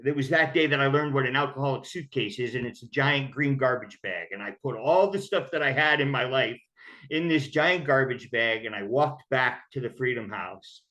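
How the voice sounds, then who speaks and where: A man's voice: mid-range voice, moderate pace, pushed and bright. A man telling his own story of recovery in a candid, conversational way. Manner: candid, conversational, acts out quoted voices. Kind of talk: personal storytelling.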